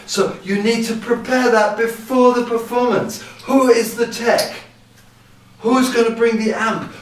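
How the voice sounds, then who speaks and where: A high-voiced man presents a seminar to a live audience in a large hall, speaking into a microphone held about ten centimeters away and played through loudspeakers. Naturally quiet, he acts out anecdotes with sound effects, and the recording is very echoey, taken far from the camera.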